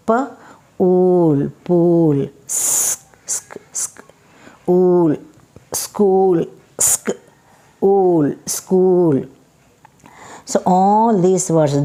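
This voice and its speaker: Slow, mellow teacher woman. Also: on the low side. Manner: slow, repetitive, spells out letters. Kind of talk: phonics lesson for young children.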